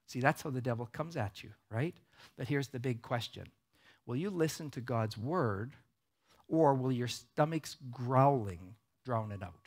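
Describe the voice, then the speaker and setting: A man preaching a casual, conversational sermon with a slightly higher voice than most men. He keeps checking in with his listeners, and he speaks in a cinema hall. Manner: conversational preaching, frequent "right?" checks with the audience. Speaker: pastor. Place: large cinema auditorium.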